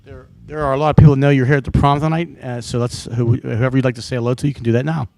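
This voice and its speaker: A man's voice: mid-range voice, fairly even intonation, very fast, gravelly, dark tone, no echo. A man interviewing students on camera in an upbeat, encouraging way. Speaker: prom interviewer.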